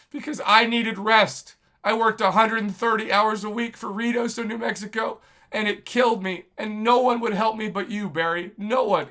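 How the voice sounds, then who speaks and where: Bright-voiced man in an impassioned rant. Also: high voice. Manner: impassioned, rambling, shouting out names. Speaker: YouTube video game journalist. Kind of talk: emotional monologue to camera.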